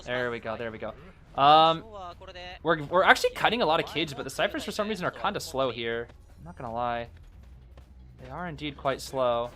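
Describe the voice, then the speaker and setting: A man giving casual, excitable live commentary on a game match, rambling with lots of fillers. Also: fairly high pitch, brisk, faint music behind.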